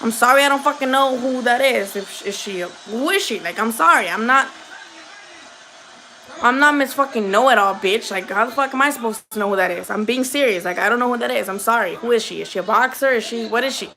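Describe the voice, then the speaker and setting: A woman with a high, bright, ringing voice hosts a casual live chat about boxing. She is blunt and foul-mouthed, teasing and talking back to her viewers. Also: brisk. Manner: blunt, profane and joking, talks back to chat. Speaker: host of a boxing livestream.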